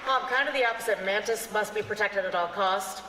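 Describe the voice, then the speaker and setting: A woman's voice: medium pitch, a little fast, a crowd in the background, noisy background. A woman moderating a convention panel in an upbeat, gushing way. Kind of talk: stage interviewing. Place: large convention hall stage. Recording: echoey hall with long reverb.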